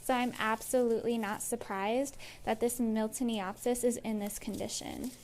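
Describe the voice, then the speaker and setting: Woman vlogger, out of breath and exasperated, casual ranting review, voice a touch high. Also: steady tone, moderate pace, darkish tone. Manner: exasperated, says "like" often. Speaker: plant vlogger.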